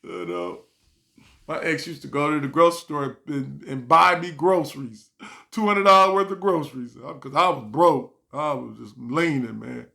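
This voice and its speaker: A middle-aged vlogger tells stories from his life in a casual monologue to the camera, laughing often and acting out what people said. His voice is a little high, creaky, pushed and bright, at a normal speed.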